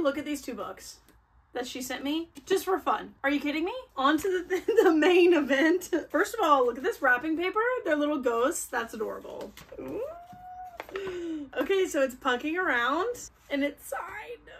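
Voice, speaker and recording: Young woman, high bright voice, bubbly, gushing, casual vlog chat. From United States. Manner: bubbly, gushing, quick excited exclamations. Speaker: book vlogger.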